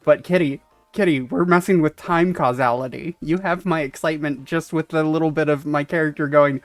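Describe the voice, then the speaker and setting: A man on a dry, close mic plays through a story game, reading each character's lines aloud in a somewhat high voice and laughing now and then, with faint game music behind him. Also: fairly even intonation, fairly quick, dry recording. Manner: reads game text aloud, chuckles often. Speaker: let's-play streamer. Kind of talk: casual gameplay commentary, reading dialogue aloud.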